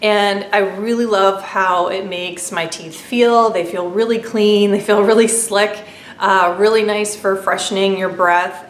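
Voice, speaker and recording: A woman chatting through a casual product review vlog at home, talking quickly with many fillers and asides. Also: mid-range voice, fairly bright tone, echoey room, a little hiss or hum. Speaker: beauty vlogger.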